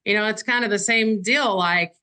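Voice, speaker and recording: A woman's voice: medium pitch, moderate pace, pushed and bright. A woman guest on a casual podcast interview, talking candidly and conversationally. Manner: candid, conversational, uses "you know" and "like" often. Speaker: real estate agent, guest.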